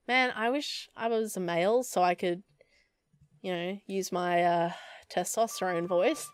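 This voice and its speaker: A woman's voice: on the low side, a little slow, clean tone, no room sound. A woman reading a text game aloud and voicing its characters, adding casual, joking asides. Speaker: gamer.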